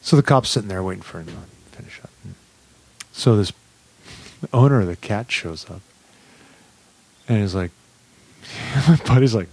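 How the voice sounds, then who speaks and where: A man's voice: fairly low pitch, normal speed, long pauses. A man telling a crude joke story in casual podcast chat, swearing constantly and acting out every quote. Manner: profane, animated storyteller, acts out quotes. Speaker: podcast co-host.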